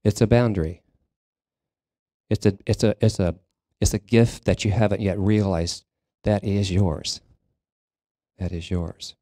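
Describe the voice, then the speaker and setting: A man delivering a sermon to his congregation in a slow, unhurried cadence, often pausing and restarting mid-sentence. His voice is low and mellow, recorded close and dry with little room sound. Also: steady tone, no room sound. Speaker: minister. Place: church sanctuary.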